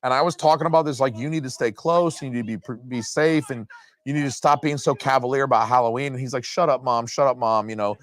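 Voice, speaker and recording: A man co-hosting a casual film commentary from home, talking in a profane, sarcastic, animated way. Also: medium pitch, fast. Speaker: podcast co-host. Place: home, recorded apart from co-host.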